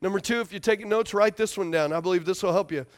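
A man's voice: high-pitched, fast talker. A man preaching a sermon to a congregation, emphatic, repeating key phrases and checking that they follow him. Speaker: pastor.

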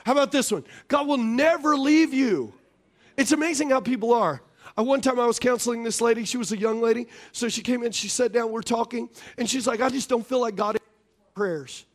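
A man's voice: very high-pitched, brisk. A man preaching as a pastor, joking and laughing often, on a wireless stage mic in a church. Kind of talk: sermon.

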